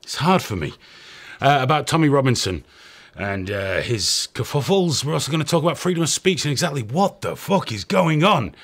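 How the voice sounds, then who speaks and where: A man's voice: mid-range voice, very animated, moderate pace. A man hosting a live stream in casual, joking chat, swearing freely and out of breath from running around. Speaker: host.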